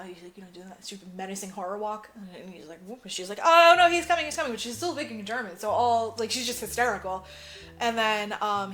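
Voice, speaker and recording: In a casual movie-recap chat, a woman co-hosting a podcast lively narrates the plot, playing the characters and swearing without restraint. Her voice is mid-range and a bit bright.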